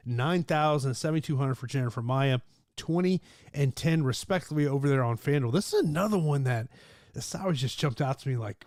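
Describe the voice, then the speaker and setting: A man's voice: medium pitch, expressive, a little fast, a little mellow, no echo, clean studio sound. A man hosting a casual fight betting talk show, speaking conversationally with many fillers. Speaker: host and MMA analyst. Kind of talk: casual sports betting chat.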